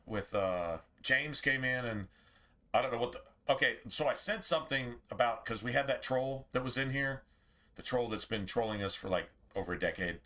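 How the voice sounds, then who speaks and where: Medium-pitched, bright and forceful at a moderate pace, a man chats loosely with his audience while streaming a game. He wanders from topic to topic, cursing freely and addressing chat directly.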